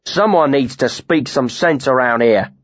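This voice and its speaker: A man's voice: medium pitch, a little slow, no echo, voice pushed up, natural voice. A man voicing a surly, indignant young male mercenary who grumbles and picks fights. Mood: combative. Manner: grumbling, combative. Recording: dry, slightly muffled studio recording.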